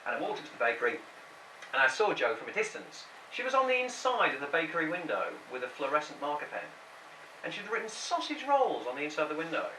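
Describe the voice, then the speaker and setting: On a comedy club stage with a laughing crowd, a man performs stand-up, bantering with the audience and imitating the people in his story. His slightly high voice swoops wildly in pitch, sounds sharp, and moves fast. The live recording is roomy and distant, with a little background noise.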